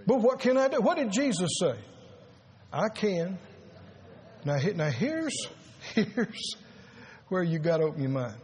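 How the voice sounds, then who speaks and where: A man preaching a sermon as pastor, earnest and halting, repeating words and rising to emphasis. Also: high voice, big pitch swings, darkish tone.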